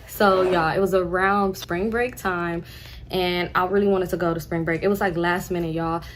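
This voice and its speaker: A woman's voice: lowish voice, steady tone, moderate pace, slight background noise. A young woman telling a casual story, chatting straight to her listeners. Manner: chatty, addresses listeners as y'all.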